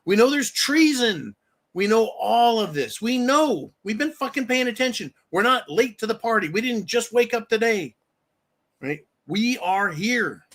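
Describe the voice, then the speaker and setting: A man's voice: very high-pitched, sing-song, unhurried, fairly bright tone. A man hosting a political commentary show, ranting angrily and emphatically, with frequent profanity. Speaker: host.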